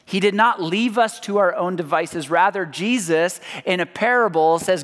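A man preaching a sermon as pastor, slow and emphatic, letting phrase ends drop low. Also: fairly bright tone. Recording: long hall reverb.

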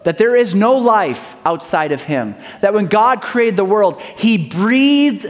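A man preaching a sermon as pastor, swinging between loud declarations and hushed lines, and acting out folksy small-town dialogues. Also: sits high, lively intonation, slow. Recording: long hall reverb.

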